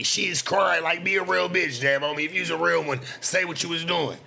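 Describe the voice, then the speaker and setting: A man's voice: fairly high pitch, creaky, bright, forceful tone, slight background noise. A man from the US West Coast, a streamer giving a heated, profane reaction commentary. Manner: profane, heated, rapid-fire ranting.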